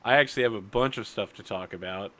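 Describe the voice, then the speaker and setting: Ranting, profane game master. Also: male voice, lowish voice, quick pace. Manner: ranting, profane, animated storytelling. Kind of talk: casual chat before a tabletop game.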